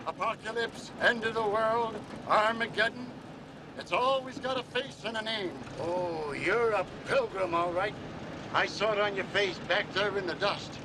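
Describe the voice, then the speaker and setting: Rambling drunk preacher. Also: male voice, measured pace. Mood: preachy rambling. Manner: preachy, rambling sermon-like talk. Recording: film clip under loud rumbling noise.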